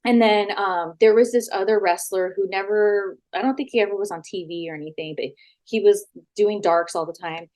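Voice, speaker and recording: A woman, a former wrestler, talking frankly as an interview guest, animated and full of quoted back-and-forth, sitting at a house. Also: medium pitch, normal speed. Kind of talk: casual storytelling interview.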